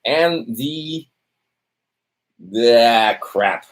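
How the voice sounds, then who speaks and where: This vlogger rants to camera very slowly, his medium-pitched voice full of lively intonation. The monologue is heated, profane, and testy, peppered with "right?" as he keeps losing his place in his notes.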